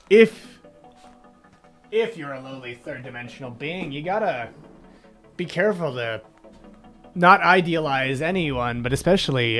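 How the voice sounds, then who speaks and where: A man's voice: fairly high pitch, bright, forceful tone. Grandiose joking man, comedy podcast host. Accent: slight Southern drift. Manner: grandiose, jokey, slips into silly impressions. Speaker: comedy podcast host playing a trivia master. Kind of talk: improvised comedy banter.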